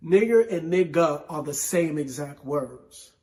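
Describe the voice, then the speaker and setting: A man from New York City hosting a solo hip hop show, with a New York accent, talking slowly and emphatically in casual commentary. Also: fairly high pitch, animated, a little mellow. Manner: slow, emphatic, conversational with repetition. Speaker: podcast host.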